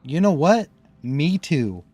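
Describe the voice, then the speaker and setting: A man's voice: on the high side, sing-song, takes it slowly, warm tone, slightly rough, lo-fi sound. Chatty rambling streamer man. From US Midwest. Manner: chatty and rambling, with frequent self-interruptions and laughs. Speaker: game streamer. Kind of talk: casual live-stream commentary.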